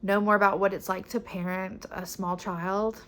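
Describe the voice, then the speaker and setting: A woman's voice: mid-range voice, steady tone, normal speed, a bit bright. A young woman chatting casually about her books, upbeat and rambling, often restarting her sentences. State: pregnant. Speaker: book vlogger. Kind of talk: casual chat.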